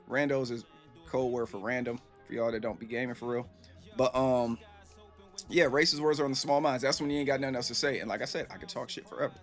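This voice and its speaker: A man and gaming streamer telling stories to viewers in a casual, animated, profane way. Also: medium pitch, fast, faint music behind. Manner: animated, profane, acts out quoted voices.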